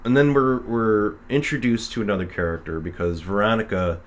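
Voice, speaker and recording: A man's voice: fairly low pitch, steady tone, brisk. A man casually retelling a film's plot with many fillers, often acting out the characters' lines. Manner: rambling, full of fillers, acts out quotes. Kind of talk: casual film recap chat.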